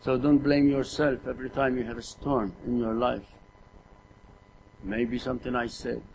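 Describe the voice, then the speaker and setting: A man's voice: medium pitch, flat delivery, moderate pace, a little mellow, rough recording. Middle-aged guy preaching, earnest, repeats himself a lot, faint hiss behind. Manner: earnest, repeats words, asks the congregation rhetorical questions. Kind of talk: sermon.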